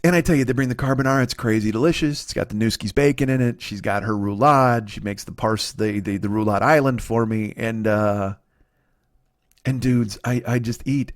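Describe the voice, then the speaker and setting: A man's voice: mid-range voice, animated, fairly quick. A man in his forties, a comedian telling a long exasperated story, ranting and swearing freely. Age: 40s. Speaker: comedian, podcast host.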